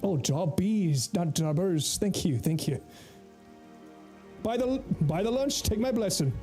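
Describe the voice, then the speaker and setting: A man's voice: high voice, lively intonation, a little slow, dark tone, soft background music. A man livestreaming an online game in character, joking around in a put-on Scottish-Irish lilt and laughing often. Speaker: streamer role-playing in an online game. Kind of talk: in-character role-play livestream chat.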